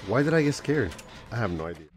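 A man's voice: fairly low pitch, sing-song, fast talker, over music. A man with a stuffy nose from a cold, joking and chatting with viewers while he streams a game. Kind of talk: casual live-stream gaming commentary.

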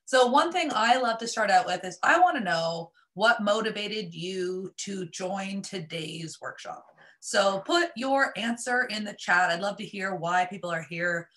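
A woman presenting a live online marketing workshop, upbeat and chatty, her voice a little raspy as she is losing it. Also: fairly low pitch, fairly bright tone. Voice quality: slightly raspy. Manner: upbeat, chatty, many fillers.

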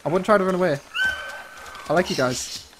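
A man's voice: high voice, a little fast, noisy background. A man streaming a game, chattering nervously and jokingly while pleading with his captors over a headset mic. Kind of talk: live game stream chat.

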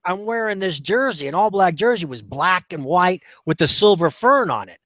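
Podcast guest, male, relaxed anecdote teller, slightly high voice, dry close mic. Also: normal speed, no echo. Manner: easygoing anecdotal storyteller. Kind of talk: casual chat.

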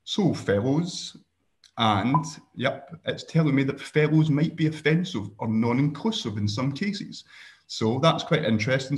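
A man with a Scottish accent giving a relaxed screen-share software tutorial over a video call, with dry joking asides and frequent ums. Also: mid-range voice. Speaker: workshop presenter.

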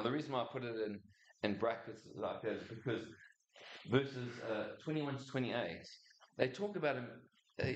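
A man's voice: medium pitch, a little hiss or hum. Man preaching in an echoey church. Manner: chatty, halting, many restarts and asides. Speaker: pastor. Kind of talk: sermon. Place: church hall.

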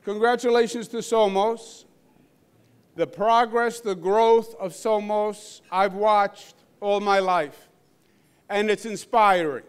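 A man in his fifties with a Queens, New York accent, giving a dinner speech as governor in a large banquet hall, joking and measured. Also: high voice, clear, resonant tone. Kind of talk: public address at a dinner.

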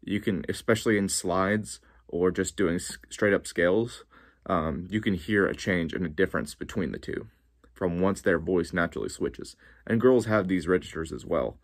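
A man giving a casual vocal lesson, chatty and relaxed with frequent ums, and a gravelly voice that drops into vocal fry. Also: low-pitched, normal speed. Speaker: vocal coach.

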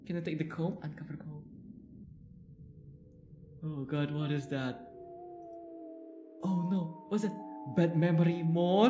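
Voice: mid-range voice, animated, normal speed, pauses often, lo-fi sound. Jittery horror-game streamer, roomy sound. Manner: nervous, repeats short phrases, swings from soft murmurs to yelps. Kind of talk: live gameplay commentary. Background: game music.

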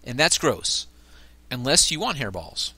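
A man hosting a Minecraft let's-play with excited commentary, often yelping and squealing when startled. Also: mid-range voice, measured pace, noisy background. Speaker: gaming channel host.

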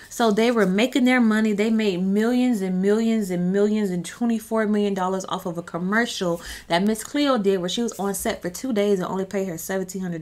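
Sassy woman chatting to camera. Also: medium pitch. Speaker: YouTube commentator. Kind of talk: casual commentary vlog.

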